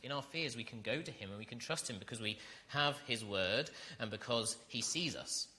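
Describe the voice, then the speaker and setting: A man's voice: medium pitch, lively intonation, normal speed, pushed and bright. A man preaching an earnest sermon, reading scripture and building to emphatic repetition.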